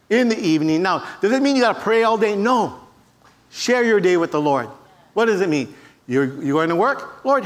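A man with a high, light voice preaches to a church congregation. He is an animated storyteller who slips into the voices of the people in his stories. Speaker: pastor. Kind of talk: sermon with storytelling.

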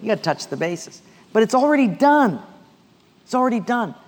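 Very animated and high-voiced, this man preaches at a normal speed, his words carrying the echo of a big room. As pastor, he mixes storytelling with questions the congregation responds to out loud.

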